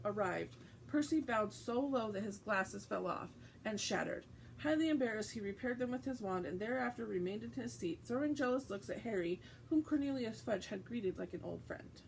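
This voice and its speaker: A woman's voice: on the high side, lively intonation, fairly quick, gravelly, slight background noise, rough recording. A woman hosting a casual vlog, reading aloud from a book and chatting, with frequent fillers and self-corrections. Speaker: host.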